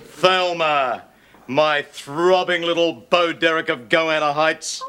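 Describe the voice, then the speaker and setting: A wisecracking mocking Aussie neighbour. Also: male voice, a little high, fairly even intonation, takes it slowly. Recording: loud background noise.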